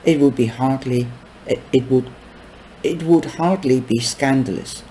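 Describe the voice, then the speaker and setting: A man's voice: medium pitch, a little slow, warm tone, slight background noise, natural voice, poor audio. A man reading as a self-assured teenage schoolgirl. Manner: read plainly in the reader's own voice.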